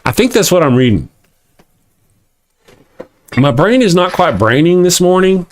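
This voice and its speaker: A man's voice: high voice, very animated, unhurried. A middle-aged man with a Texas accent hosting a live-stream morning show, rambling and self-mocking as he reads viewer comments and laughs often. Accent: Texan.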